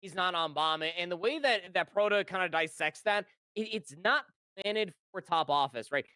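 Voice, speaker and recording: A man's voice: sits high, moderate pace, sharp tone, clean tone, dry recording. A man giving live esports color commentary, chatty and rambling, with lots of fillers as he breaks down plays. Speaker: esports caster.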